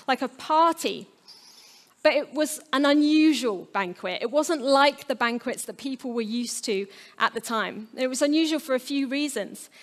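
A woman giving a sermon, earnest and storytelling, with playful asides. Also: high voice. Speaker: preacher.

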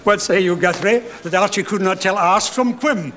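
A man's voice: high-pitched, moderate pace, a bit bright, slight background noise. An older actor playing a powerful nobleman who teases and jeers. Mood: mocking. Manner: teasing, jeering.

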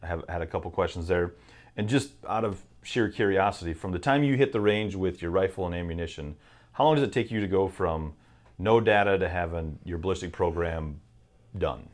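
A man's voice: low-pitched, fairly quick, darkish tone. A man interviewing shooting instructors, asking long, winding questions built around examples.

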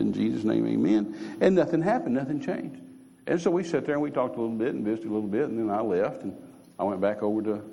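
A man's voice: gravelly, dark tone. A middle-aged man, preaching a sermon as a story and acting out the voices he quotes. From Texas. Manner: storytelling, acts out quoted voices with rising pitch. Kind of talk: sermon testimony.

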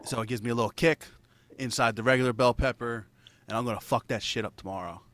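A man's voice: medium pitch, fast, a bit bright, slight background noise. A man in casual chat, telling a rambling, profanity-laced story and laughing between lines.

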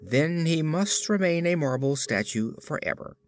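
A stern tin emperor with a soft heart speaks in earnest, emphatic declarations, as a man reads him aloud. His pitch swings widely on the stressed words, with faint music underneath. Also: lively intonation, moderate pace, close to an everyday voice. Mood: firm.

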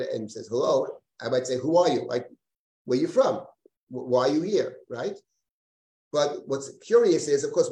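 A man's voice: medium pitch, darkish tone. A man, a rabbi, teaching a live Bible class, reading verses aloud and often restarting his sentences. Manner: digressive, repeats and restarts, reads Hebrew verses aloud. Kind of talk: live lecture. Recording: roomy live class recording.

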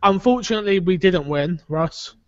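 High-voiced man hosting a chatty podcast. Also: normal speed, dry recording. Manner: animated, chatty, opinionated. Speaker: podcast host. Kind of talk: casual chat. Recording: dull lo-fi audio.

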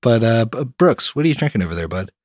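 A man's voice: medium pitch, animated, quick pace, darkish tone, no room sound, clean studio sound. A young adult man hosting a tabletop game podcast, joking and crude in casual banter. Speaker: game master and host.

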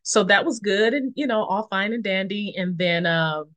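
Speaking as a podcast guest, a woman in her forties reflects on her personal faith journey at an unhurried pace. Fillers and frequent pauses fill her speech, and she voices quoted friends in bright, high tones.

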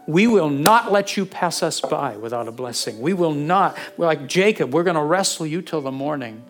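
Male pastor, sermon and prayer; slightly high voice, fervent, swells from quiet to urgent. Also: animated, normal speed, soft background music. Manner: repeats phrases for emphasis.

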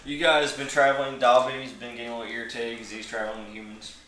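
Relaxed man running a tabletop game. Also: medium pitch, fast, distant mic. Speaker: game master. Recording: echoey room, steady noise.

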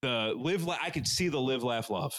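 A man with a Northeastern US accent rambles through profane banter, his pitch swinging widely as he tells stories. The sound is dry and close, with no room around him. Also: moderate pace, dry recording. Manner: rambling, profane, animated storytelling. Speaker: podcast co-host. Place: on a couch at home.

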